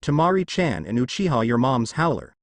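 A man's voice: medium pitch, big pitch swings, fairly quick, no echo. A man voicing a cocky, cold young male ninja who mocks and threatens in a taunting manner. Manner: taunting and mocking.

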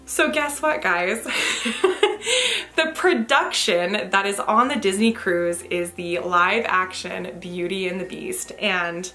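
A woman vlogger unboxing a haul, gushing with excitement and breaking into gasps and exclamations. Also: medium pitch.

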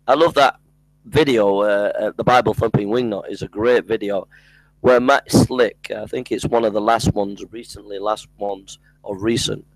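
A man's voice: on the low side, fairly even intonation, moderate pace, dry recording, rough recording. Emphatic man in a dry, close recording. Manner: emphatic, repeats phrases, mimics opponents. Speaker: Christian apologetics speaker. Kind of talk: casual monologue.

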